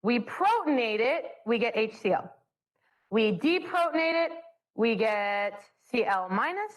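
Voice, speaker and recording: A woman's voice: fairly high pitch, big pitch swings, a little slow. A young woman leading a chemistry study session in a bubbly, joking way. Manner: bubbly, joking, self-mocking. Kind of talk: classroom teaching.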